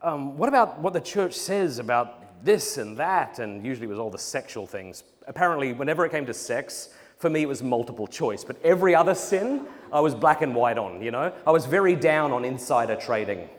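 A man's voice: medium pitch, a little fast, hardly any pauses. A young Australian man telling funny stories to a conference audience, acting out quotes as he goes. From South Australia. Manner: animated storytelling with acted-out quotes and laughs. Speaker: speaker. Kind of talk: humorous talk to a conference audience. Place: large conference hall. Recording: hall reverb with faint noise.

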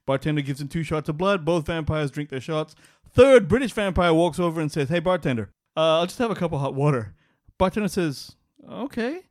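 A man co-hosting a podcast, telling crude jokes in casual banter and laughing loudly and often. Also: fairly high pitch, no room sound, studio quality. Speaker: podcast co-host.

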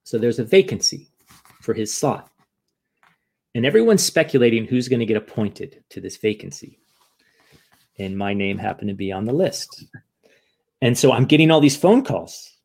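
Man, casual storytelling, animated, acts out quotes, tag questions. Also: mid-range voice, normal speed, creaky, pauses often, slightly rough. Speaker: guest telling a story.

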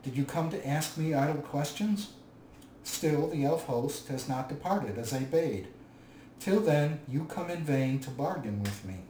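A man voicing a proud, wrathful dwarf king who shouts in anger, in an audiobook reading. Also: on the high side, a little slow, natural voice. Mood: haughty. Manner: loud, raging shouts. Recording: roomy, distant mic, faint hiss.

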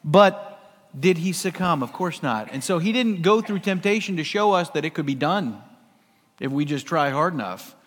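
A middle-aged pastor from the US West Coast preaching a conversational sermon, swinging between loud and hushed. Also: male voice, on the high side, animated, normal speed, in a large hall.

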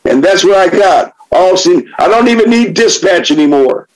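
A man's voice: high voice, animated, moderate pace, low-quality recording. A middle-aged man sharing his story at a recovery meeting, blunt and profane, turning impassioned and preachy. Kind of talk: spoken share.

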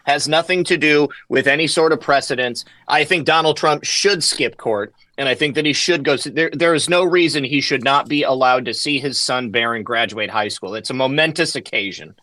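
Bright-voiced man laughing through casual chat. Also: medium pitch, moderate pace, hardly any pauses, dry recording. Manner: animated, laughs a lot, repeats words. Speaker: guest. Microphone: phone.

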